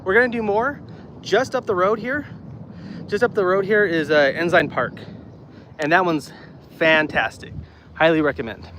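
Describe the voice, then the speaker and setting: Walking outdoors on a livestream, a male streamer chats casually with viewers and reads their live comments, out of breath, speaking loosely and repeating himself into his phone's built-in mic with no external mic. His voice sits high and a bit bright, at normal speed with frequent pauses, and there's a little hiss or hum.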